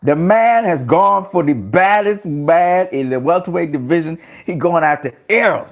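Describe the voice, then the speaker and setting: Man, live stream host, excitable and profane, fairly high voice with lively swings in pitch. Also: moderate pace. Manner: excitable and profane, exclaims and repeats himself. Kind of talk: casual live stream commentary.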